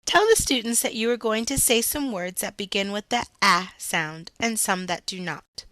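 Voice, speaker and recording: A woman acting as a reading teacher reads a scripted phonics lesson slowly and deliberately, stressing each sound for the learner. Her voice is medium-pitched and fairly bright, with no echo.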